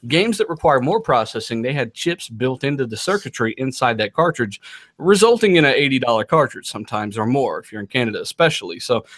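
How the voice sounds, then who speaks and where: Measured man explaining on a podcast. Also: medium pitch, big pitch swings, a bit bright, no echo, studio quality. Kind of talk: casual roundtable debate.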